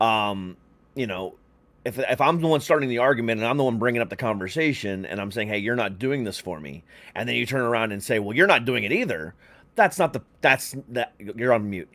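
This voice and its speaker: A man's voice: medium pitch, lively intonation, fairly quick, a bit bright. A man co-hosting a podcast, talking candidly in casual conversation with frequent ums. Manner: candid, filler-heavy talk with frequent ums. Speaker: podcast co-host.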